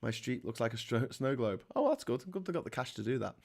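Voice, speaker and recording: A man's voice: mid-range voice, sing-song, racing, hardly any pauses. Sweary ranting man with a Liverpool accent. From England. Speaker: livestream host. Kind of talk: casual livestream chat.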